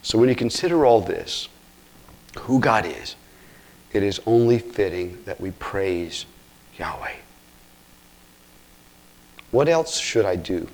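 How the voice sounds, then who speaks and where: A man preaching an expository sermon, earnest, with self-corrections and asides, swinging from hushed near-whispers to loud, emphatic exclamations. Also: lowish voice, lively intonation, takes it slowly, pauses often. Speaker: pastor.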